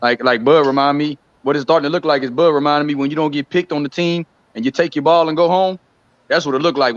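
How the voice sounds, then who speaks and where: A man talking fast and heatedly on a live stream, ranting and mocking with quick impressions. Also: a little high, fairly even intonation, no echo, lo-fi sound. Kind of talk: heated casual talk.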